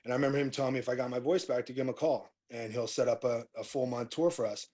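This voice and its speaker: A middle-aged man talks through his past as a podcast guest. His delivery is relaxed and rambling, full of fillers and false starts. His voice sits at an ordinary, middle pitch for a man. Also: fast talker. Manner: laid-back, rambling, many fillers and restarts. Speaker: metal band vocalist, podcast guest. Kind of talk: casual interview storytelling.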